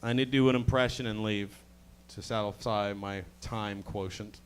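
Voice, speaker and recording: A man's voice: fairly low pitch, fairly even intonation, normal speed, a little hiss or hum. A male stand-up comedian on a club stage, swearing and mock-insulting the audience between jokes.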